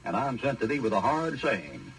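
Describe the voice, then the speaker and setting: A man's voice: medium pitch, very animated, moderate pace, a little hiss or hum, rough recording. A man preacher voicing visiting angels who talk in an offhand, laid-back way. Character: casual, evasive visiting angels.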